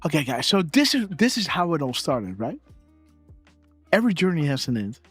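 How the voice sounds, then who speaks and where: A man's voice: on the high side, very animated, moderate pace, slightly rough, dry recording, soft background music. A man hosting a live stream, rambling through casual commentary and often asking his viewers "right?". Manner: rambling, keeps asking "right?" and "okay, guys". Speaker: livestream host.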